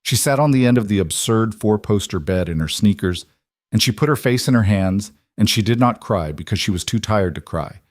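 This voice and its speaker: Low-voiced male audiobook narrator. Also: lively intonation, fairly quick, no echo, clean studio sound.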